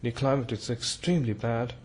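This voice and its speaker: A man's voice: mid-range voice, a little mellow, lightly acted. A man doing a grave, probing doctor. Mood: insistent. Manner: deliberate, with grunted pauses.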